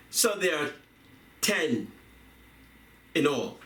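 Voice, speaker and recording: A man giving a reflective talk on poetry and music, speaking deliberately, repeating phrases and chanting rhythms aloud. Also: a little high, lively intonation, bright, forceful tone. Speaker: video essayist on poetry and music. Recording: echoey room, voice from a distance.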